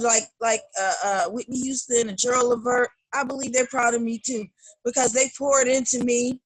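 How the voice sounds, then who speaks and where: A middle-aged singer from Chicago, United States, with a fairly high voice, chats as an interview guest and animatedly imitates her family. The recording has no echo.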